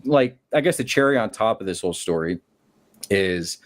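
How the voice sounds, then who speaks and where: A man with a fairly low voice tells a long story casually as a caller on a talk show. He acts out each quoted line with its own shifting voice and keeps the story moving. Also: lively intonation, normal speed.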